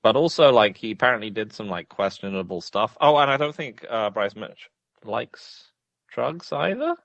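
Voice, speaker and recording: Low-voiced guy co-hosting a podcast, wry, halting, says uh a lot. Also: expressive, creaky, fairly bright tone, no echo, dull audio. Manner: wry, halting delivery with many fillers. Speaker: podcast co-host. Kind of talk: casual podcast chat.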